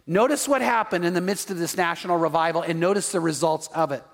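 A man with a notably high voice preaches a sermon, leaning on emphatic rhetorical questions and reading passages of Scripture aloud. His voice rings out with a long reverb, as in a big hall. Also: fast. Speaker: pastor.

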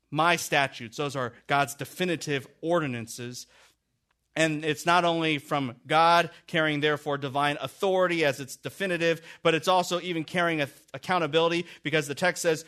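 A man preaching a sermon, rising to loud, urgent emphasis and dropping to hushed, low warnings, repeating phrases for weight. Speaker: pastor.

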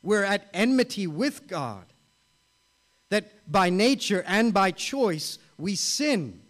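A male pastor preaching a sermon, earnest and emphatic, repeating key phrases and building to excited exclamations. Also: high-pitched, slow.

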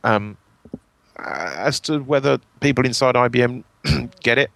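A man from England on a podcast panel, chatting casually, laughing often and quick with quips. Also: mid-range voice, expressive, creaky, fairly bright tone, no room sound.

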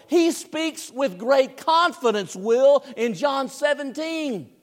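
A high-voiced man delivers a sermon at an unhurried pace. He drops to near whispers and then rises to loud, emphatic peaks. His voice rings out with a long reverb, as if in a large church sanctuary. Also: animated. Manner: dramatic swings from hushed to booming. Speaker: preacher.

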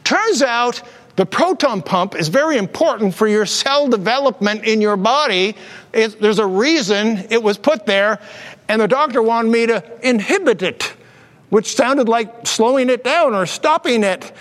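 A high-voiced man preaching in a church, with a long hall reverb trailing his words. He is a pastor in his fifties telling personal stories with animated energy, putting on voices when he quotes people. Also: unhurried. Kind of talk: sermon with storytelling.

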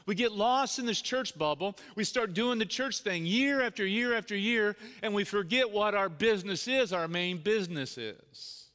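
With lively intonation and hardly a pause, a middle-aged pastor moves at normal speed through a personal story in his sermon, earnest and conversational, acting out quoted voices. His high-pitched voice is a bit bright, and a long hall reverb hangs around it.

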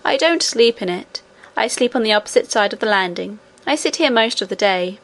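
A woman voicing an ancient, gentle queen and great-great-grandmother, speaking calmly and assuredly. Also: fairly high pitch, brisk.

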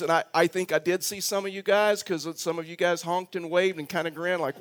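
A middle-aged man, a pastor, telling a self-mocking story in a sermon with halting restarts. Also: high-pitched, steady tone. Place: church sanctuary.

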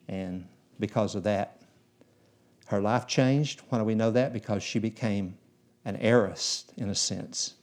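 This man's voice is lowish and a little mellow as he preaches in a church. He recounts scripture stories folksily, voicing and acting out the biblical figures.

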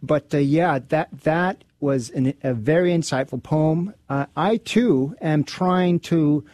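Halting male radio co-host, mellow tone. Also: on the high side, no room sound. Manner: halting, many restarts. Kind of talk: casual chat about faith. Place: radio studio.

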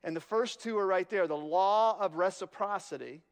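A man preaching a sermon, telling stories with animated, wry humor. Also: high-pitched, moderate pace, smooth, in a large hall. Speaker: pastor.

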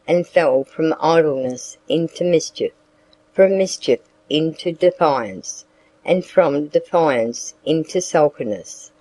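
A reader narrating a classic novel as an audiobook in a measured way. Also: mid-range voice, warm tone, low-quality recording. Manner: slow, measured reading.

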